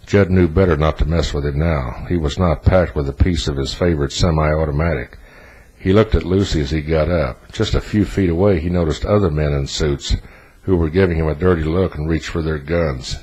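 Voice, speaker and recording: A man reading a novel aloud as narrator in a flat, even delivery. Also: extremely low pitch, moderate pace, breathy edge, low-quality recording. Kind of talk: audiobook narration.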